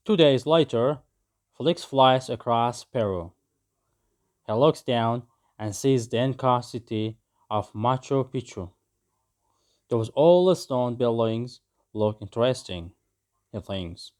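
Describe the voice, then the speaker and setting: A man reading a simple story aloud for English learners, with clear, simple phrasing. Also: mid-range voice, expressive, slow, long pauses, a little mellow. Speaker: story narrator.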